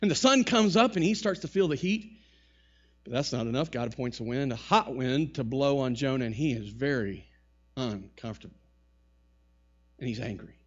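A man preaching a conversational sermon, with wry asides and lively retellings of the text. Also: mid-range voice, normal speed, long pauses, muffled recording. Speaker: pastor.

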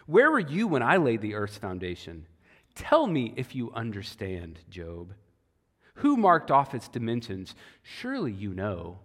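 A man's voice: mid-range voice, wildly swooping pitch, a little slow, fairly bright tone, voice pushed down, exaggerated voice. A man voicing God as a stern, authoritative, scolding deity in a sermon. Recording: long hall reverb.

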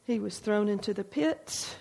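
Older woman, devotional speaker, folksy storytelling, gravelly voice. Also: medium pitch, a little slow, mellow. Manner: folksy storytelling with frequent asides. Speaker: speaker sharing testimony. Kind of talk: informal devotional talk.

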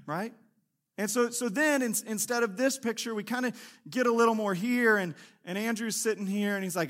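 A male pastor preaching a conversational sermon in a church service, acting out quick quotes and dropping to a hushed tone for prayer. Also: high-pitched. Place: church sanctuary during a service.

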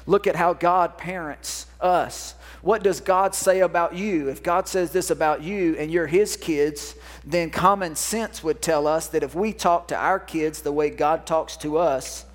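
A man's voice: a little high, unhurried. A pastor preaching a sermon to his congregation, folksy and repetitive, calling for responses from the crowd. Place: church sanctuary. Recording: long reverb of a church hall.

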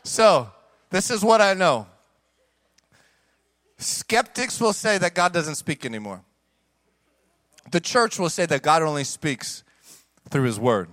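Pastor, young man, high voice, dry close sound, animated sermon with slangy asides. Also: no echo. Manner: animated preaching, swings between hushed asides and shouted emphasis; casual slang asides to congregation.

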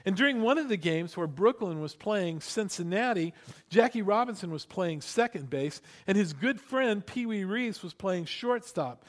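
A man preaching a sermon, telling stories with lively acted-out quotes and emphatic repetition. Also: sits high. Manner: animated storytelling, acting out quotes. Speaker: pastor.

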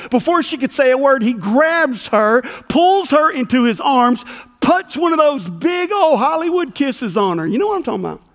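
Man, pastor, sermon, animated storyteller, very high voice, long church reverb. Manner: animated storyteller, acts out voices in his tale. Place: church sanctuary.

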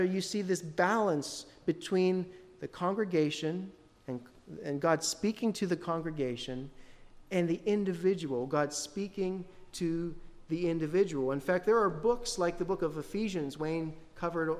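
A man's voice: a little high, moderate pace. A man giving a sermon as pastor, talking in a conversational way and putting questions to the congregation. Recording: long hall reverb.

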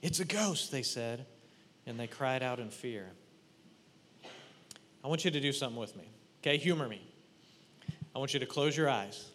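A man preaching a sermon, leading his congregation through a guided imagining, talking to them directly in an animated, playful way. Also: medium pitch, moderate pace, pauses often, in a large hall, slight background noise.

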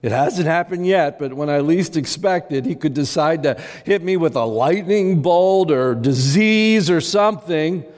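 A man's voice: on the high side, expressive, measured pace, hardly any pauses, darkish tone, long reverb tail, pitched above the performer's own voice. A man doing a stammering, panicky frightened man. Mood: fearful. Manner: stammering, jittery, shrieking. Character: panicky man terrified of an angry god.

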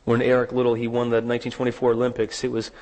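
A man preaching a sermon, telling a story with rising dramatic emphasis and slowing down on key words. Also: mid-range voice, monotone, a little mellow, big-room sound. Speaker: pastor.

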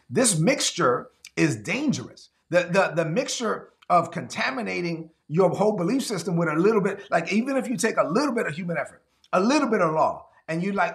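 Male pastor, sermon delivery, high voice with wide swings, animated, gravelly. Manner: animated, acts out quoted voices, repeats words.

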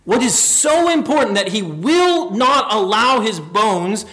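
A man preaching a sermon, rising to loud emphatic questions and then dropping to quiet, low musing. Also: expressive, slow. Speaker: pastor.

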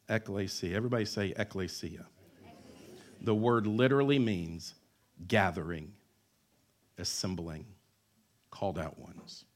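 A male pastor in his thirties preaching a sermon in a church, with emphatic repetition and joking asides. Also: fairly low pitch.

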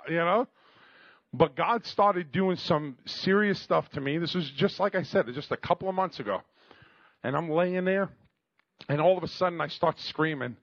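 Gravelly animated male preacher. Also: fairly high pitch, moderate pace, dry recording, highs cut off. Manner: animated, jokey, calls for amens. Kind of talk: storytelling sermon.

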